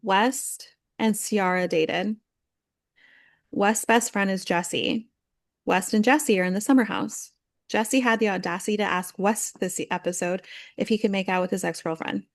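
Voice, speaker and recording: A woman's voice: mid-range voice, a little slow, no echo, studio quality. A young woman co-hosting a podcast, chatting casually about reality TV and acting out people's quotes in a run of "like"s. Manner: chatty, animated, acts out quotes with lots of "like". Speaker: podcast co-host. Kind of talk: casual chat recapping reality TV.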